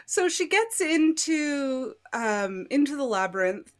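A woman in her thirties co-hosting a casual movie review podcast, retelling the plot in an animated way with lots of "like". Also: high voice, takes it slowly. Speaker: podcast co-host.

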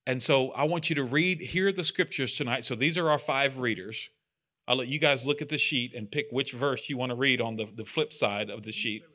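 A man's voice: mid-range voice, a little fast, pushed and bright. A man speaking as a pastor, giving a casual, rambling sermon with self-deprecating asides.

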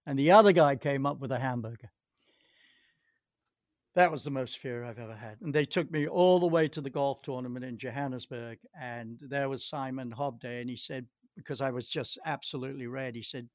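A man spins long stories in a rambling, halting way, doubling back on his words and trailing off mid-sentence. His voice sits at an ordinary middle pitch and is captured close and dry, with no room sound around it. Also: no room sound. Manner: rambling, with restarts and hesitations. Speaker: golf pro, interview guest. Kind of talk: anecdotal storytelling.

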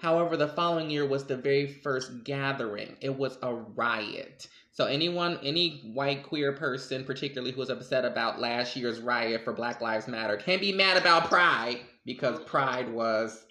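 A man co-hosting a casual podcast chat, talking in an animated, emphatic way with slang and frequent laughs. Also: mid-range voice, normal speed, few pauses, reverberant. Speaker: podcast co-host.

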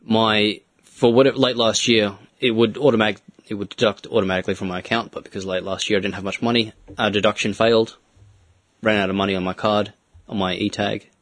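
A man with an Australian accent, co-hosting a casual chat and telling his story in a steady, matter-of-fact way. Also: on the low side, fast, no echo. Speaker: podcast co-host.

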